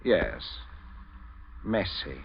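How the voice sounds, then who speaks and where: An actor playing a polite, murderous middle-aged father who chuckles with calm menace, in 1940s radio drama acting. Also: sits low, very slow, vocal fry, heavily acted. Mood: menacing. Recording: dull, faintly hissy old radio broadcast.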